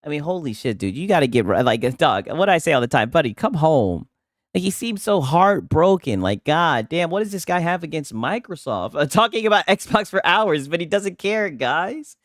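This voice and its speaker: A man's voice: a little high, sing-song, moderate pace, dry recording, clean studio sound. Mocking, profane man reacting to a clip. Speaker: reaction streamer. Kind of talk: reacting to a clip, casual commentary.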